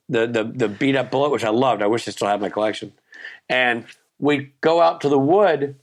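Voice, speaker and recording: A man in his fifties with a Southern US accent, chatting as a podcast guest and telling animated stories with quick laughs and restarts. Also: mid-range voice. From Nashville, Tennessee. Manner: animated storyteller, laughs often, frequent restarts. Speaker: guest, actor. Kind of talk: casual podcast chat.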